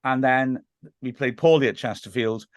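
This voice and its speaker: A man's voice: mid-range voice, moderate pace, no echo, studio quality. A man co-hosting a casual football podcast, joking and laughing often. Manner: jokey, self-mocking, laughs often. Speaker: podcast co-host.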